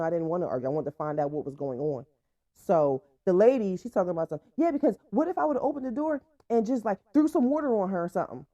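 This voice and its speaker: A woman's voice: lowish voice, dark tone, no room sound. A young woman hosting her own show, telling stories in a blunt, profane, laughing way. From Franklin, Virginia, USA. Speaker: podcast host. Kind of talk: casual storytime monologue. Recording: dull, dry lo-fi sound.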